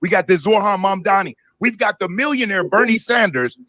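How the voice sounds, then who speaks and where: High-voiced man with bright, dry sound. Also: lively intonation, brisk, no room sound, faint music behind. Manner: opinionated, explanatory. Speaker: co-host of a live commentary stream. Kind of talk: casual political commentary.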